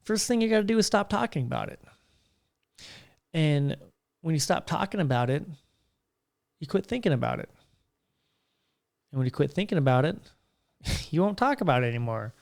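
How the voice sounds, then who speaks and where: Young male podcast host, gravelly voice, casual rambling monologue with restarts, small curtained room. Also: a little high, very animated, normal speed, pauses often, a little mellow. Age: young adult. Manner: rambling storyteller with frequent restarts.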